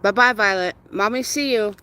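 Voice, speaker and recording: A woman chatting casually on a live stream from her yard at night, talking to viewers and cooing at her dog in a high sing-song voice on a phone mic. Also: moderate pace, sharp tone.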